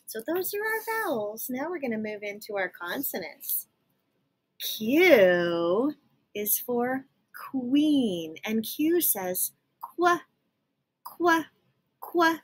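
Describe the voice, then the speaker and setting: A young woman teaching young children letter sounds, slowly and patiently sounding out each letter. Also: on the high side, big pitch swings, slightly rough. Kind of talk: phonics lesson for young children.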